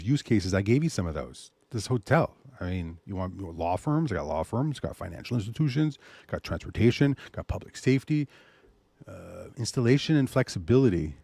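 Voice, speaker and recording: A man hosting a show, pitching his service in a loose, animated way and muttering asides to himself. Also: vocal fry, slightly rough, no echo. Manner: animated salesy pitch, mutters asides while browsing pictures. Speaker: host. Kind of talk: casual promotional talk.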